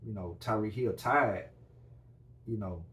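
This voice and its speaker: A man's voice: on the low side, slow pace, a bit bright. Hyped man, slightly distant from mic. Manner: hyped, repetitive, slangy, keeps addressing viewers. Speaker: podcast host. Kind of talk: casual solo chat.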